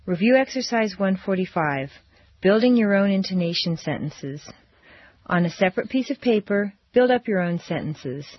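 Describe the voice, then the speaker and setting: A woman leading a scripted pronunciation drill, speaking with slow, careful, deliberate enunciation. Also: mid-range voice, lively intonation, breathy edge, no echo. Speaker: language teacher. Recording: dull lo-fi audio.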